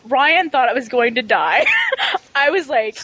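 Woman cohost laughing along, bright voice, dry close sound. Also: high voice, lively intonation, normal speed, husky, no room sound, low-quality recording. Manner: laughs readily, amused. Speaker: podcast co-host. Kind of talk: casual chat.

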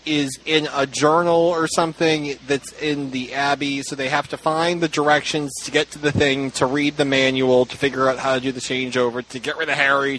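A man's voice: fairly high pitch, fairly bright tone, slight background noise, poor audio. A man hosting a casual chat, rambling, laughing and acting out quoted lines. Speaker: podcast host.

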